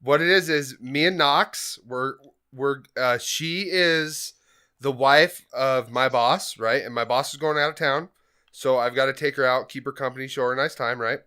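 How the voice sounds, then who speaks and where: A man in casual podcast chat with deadpan humor. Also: mid-range voice, normal speed, smooth. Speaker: podcast co-host.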